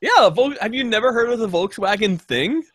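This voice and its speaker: A male podcast host in loose casual chat, swearing and joking as he goes. His voice sits a little high and swings widely in pitch. The sound is close and dry. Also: brisk, slightly rough, no room sound. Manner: sweary, animated, jokey.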